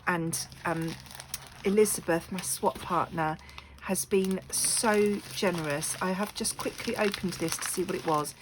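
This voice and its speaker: A woman with a lowish, unhurried voice chats casually from her craft room at home, with some background noise. She's a crafting vlogger getting over a cough, and she sounds apologetic, filling her talk with plenty of ums.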